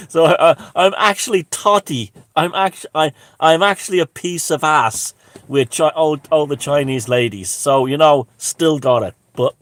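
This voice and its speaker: A man's voice: mid-range voice, animated, normal speed, a bit bright. Rambling man telling a story. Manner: rambling, many restarts and asides; wry and self-mocking. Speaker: channel host. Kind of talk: casual storytelling monologue.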